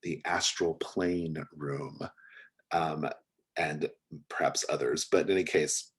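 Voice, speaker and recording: A man's voice: a bass voice, fairly even intonation, slow, breathy edge. A man narrating as game master of a tabletop role-playing game, rambling with many fillers and restarts.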